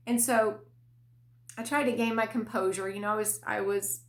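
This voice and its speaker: A middle-aged woman hosting a podcast, telling a personal parenting story in a casual, chatty way with fillers and soft laughs. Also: mid-range voice, steady tone, moderate pace. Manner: conversational, many fillers, laughs between phrases. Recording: echoey room.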